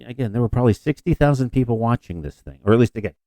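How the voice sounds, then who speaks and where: A man co-hosting a podcast talks very fast in an animated, mellow, medium-pitched voice with no room sound. He rambles through casual chat, self-deprecating and frequently restarting.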